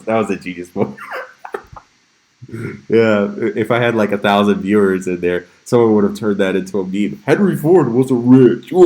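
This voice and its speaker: A man in casual livestream mode, his voice sitting a little low. He talks loosely and conversationally, reacting to memes and answering viewers with frequent laughter. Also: darkish tone, low-quality recording. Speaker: crypto livestream host. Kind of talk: casual livestream commentary reading chat.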